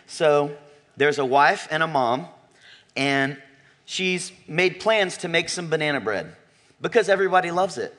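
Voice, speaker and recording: A man preaching to his church congregation with a bright, slightly high voice. He talks with emphatic swings, dropping to quiet asides, then climbing to near-shouts and stretching out key words. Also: animated, a little slow. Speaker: pastor. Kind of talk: sermon. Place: church sanctuary.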